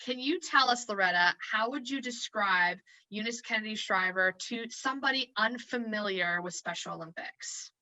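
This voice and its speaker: Bright-voiced woman interviewer. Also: mid-range voice, moderate pace, hardly any pauses, poor audio. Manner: encouraging, asks prompting questions. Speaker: webinar interviewer. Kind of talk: interview questions. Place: webinar video call. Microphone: video call.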